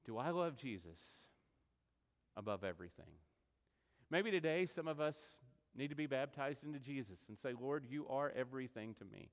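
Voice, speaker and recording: Animated preacher in a reverberant hall. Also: male voice, mid-range voice. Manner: animated storytelling, acts out quoted voices. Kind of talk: sermon. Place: church sanctuary.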